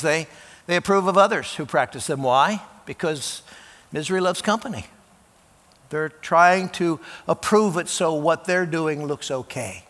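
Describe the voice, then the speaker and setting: A male pastor preaching in a church sanctuary, his voice bright and forceful and set a little high. He talks plainly to his listeners, stumbling and repeating words, then leans hard on key phrases. A long reverb from the large hall trails each line. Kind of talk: sermon.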